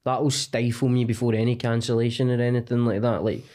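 A man's voice: mid-range voice, level tone, a little fast, dark tone. A young Scottish man, a comedian guest, rambling and self-deprecating in casual podcast chat.

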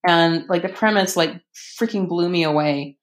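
A woman's voice: on the low side, normal speed. A woman author in a casual interview, chatting enthusiastically with frequent ums and restarts. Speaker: author and podcast guest.

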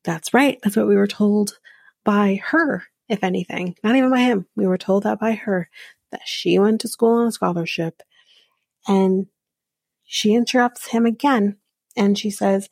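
A woman hosts a podcast and recaps a reality show in a chatty, opinionated way, dropping ums and side comments as she goes. Her voice has a gravelly edge. The sound is dry and close, with no room echo. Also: medium pitch, moderate pace, darkish tone.

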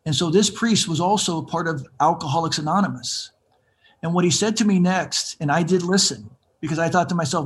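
A man in his fifties telling his own life story in an interview, animated and acting out the voices of people he quotes. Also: on the high side, fairly quick. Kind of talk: conversational storytelling.

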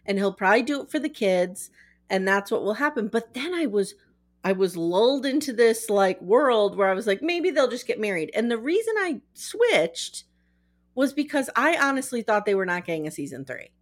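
Woman host, sarcastic recap chatter, filler-heavy, a bit high-pitched. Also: very animated, moderate pace. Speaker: podcast host. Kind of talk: casual TV recap chat.

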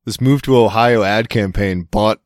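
A man's voice: on the low side, moderate pace, no echo, clean studio sound. A man co-hosting a podcast, rambling and joking in casual chat, swearing now and then. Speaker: podcast co-host.

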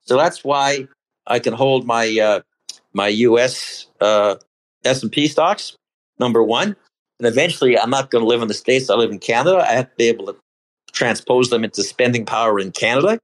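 A man of ordinary pitch talks as a podcast guest, walking through charts in a loose, chatty way. He often stops to restart or correct himself mid-sentence before pressing on with his point. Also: moderate pace, poor audio. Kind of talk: casual explanation of market charts.

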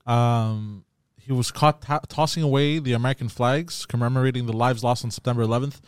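Halting man reading out a news story. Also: mid-range voice, fairly even intonation, clear, resonant tone, dry recording, clean studio sound. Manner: halting, stumbles over words. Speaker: podcast co-host.

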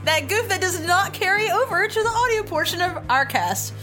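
A woman co-hosting a gaming podcast, her voice high and bright. She giggles often and talks through her laughter, with faint music behind her. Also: animated, normal speed. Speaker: podcast co-host. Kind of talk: casual podcast banter.

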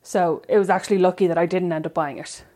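Rambling woman with a lowish voice. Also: steady tone, quick pace, warm tone. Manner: rambling, lots of fillers. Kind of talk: casual chat.

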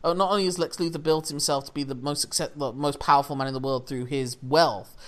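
Quick-talking jokey young man. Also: a little high, fairly even intonation. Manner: quick, jokey, laughs often. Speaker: podcast co-host. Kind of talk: casual film review chat.

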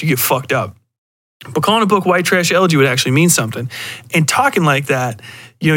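A man's voice: medium pitch, fairly bright tone, no echo. A man hosting a podcast, ranting in a profane, rambling way with lots of restarts. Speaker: podcast host. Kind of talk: casual solo rant.

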